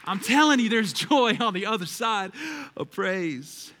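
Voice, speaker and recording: A male pastor preaching a lively sermon, swinging from quiet reverence to loud shouts and playful acted-out quotes. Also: high-pitched, slow pace, long pauses, a faint crowd, slight background noise. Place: large church hall. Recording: church hall reverb.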